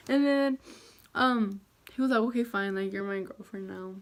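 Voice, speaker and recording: A woman's voice: a little high, steady tone, brisk, music in the background. Chatty young woman telling a breakup story. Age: young adult. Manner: chatty, filler-heavy, self-deprecating. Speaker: vlogger. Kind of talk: casual storytime vlog.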